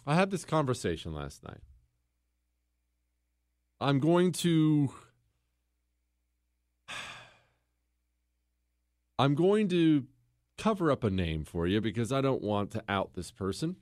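A man's voice: medium pitch, sing-song, slow pace, long pauses, dry recording, studio quality. A man hosting a talk show, telling a story in an opinionated monologue full of rhetorical questions. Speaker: political podcast host.

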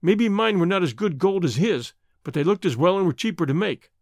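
A bold young outlaw answers calmly and quick-wittedly, played by a male audiobook narrator. His delivery is steady and unruffled, with a dry, close sound and a lively rise and fall in pitch. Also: no echo. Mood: confiding. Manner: calm, quick-witted replies. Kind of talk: audiobook character reading.

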